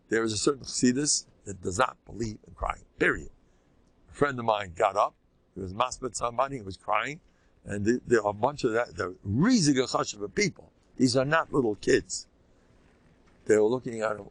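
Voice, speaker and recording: An older man, a rabbi, giving an informal, animated Torah lecture with a conversational, joking delivery. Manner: animated and conversational, swinging pitch, jokes with listeners. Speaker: rabbi teaching a class.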